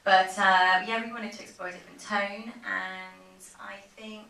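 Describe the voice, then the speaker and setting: A woman's voice: mid-range voice, level tone, unhurried, sharp tone. Chatty female director in a roomy hall. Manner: chatty, fillers like kind of and you know. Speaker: film director. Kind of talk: festival Q&A answers. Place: cinema auditorium. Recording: roomy cinema from far off, faint noise.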